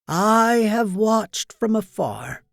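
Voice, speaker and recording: A narrator voicing a wise old enchantress who speaks gently, in a bedtime story. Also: medium pitch, very animated, drawn-out words, creaky, dry recording, clean studio sound, voice pushed up, exaggerated voice. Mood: gentle.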